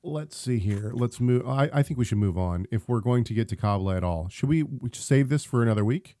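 A man's voice: mid-range voice, animated, fairly quick, warm tone. A man co-hosting a theology podcast, reading listener questions in a casual, hesitant way with frequent ums and restarts. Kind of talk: casual chat about theology.

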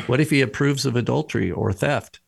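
Man, gravelly voice, husky, dry close sound, animated podcast talk. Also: mid-range voice, normal speed, dry recording. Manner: animated, laughs, quotes people in acted voices. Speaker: podcast co-host. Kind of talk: casual religious discussion.

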